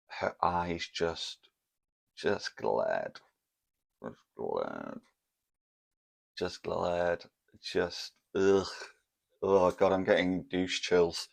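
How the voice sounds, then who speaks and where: A man in his thirties with a low, gravelly voice chats to camera. He rambles, mocks himself and wanders off into asides as he tells the story. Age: 30s. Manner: rambling, self-mocking, full of fillers and asides. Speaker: vlogger.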